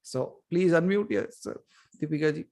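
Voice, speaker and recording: A man's voice: on the high side, normal speed, creaky. A man, a spiritual teacher answering questions in a call session and telling stories with rhetorical questions. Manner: animated storytelling, rhetorical questions.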